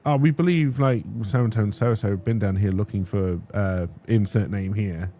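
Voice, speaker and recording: A man quoting brusque, impatient police officers who accuse him, in his own lowish voice. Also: normal speed, warm tone, slight background noise, natural voice. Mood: accusing.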